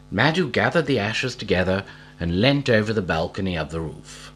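A man reading a storybook aloud in a slow, expressive storytelling manner. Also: on the low side, husky, rough recording.

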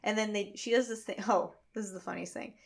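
A woman in her thirties chats casually as a podcast co-host, her voice sitting in a middle pitch. She tells animated stories and fills them with constant "like"s and quick asides. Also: creaky. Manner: chatty, many "like" fillers, animated storytelling. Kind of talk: casual chat.

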